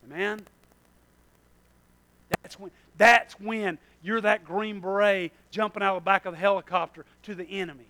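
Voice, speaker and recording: High-voiced, emphatic preacher man. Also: steady tone, moderate pace. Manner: emphatic, repeats phrases, swings from loud to hushed. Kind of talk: sermon.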